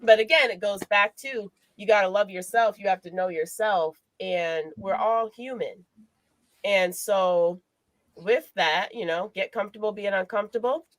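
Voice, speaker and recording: A woman hosting a podcast as a life coach, telling personal stories in an expressive, motivational way. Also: medium pitch, moderate pace, dry recording. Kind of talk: casual podcast chat.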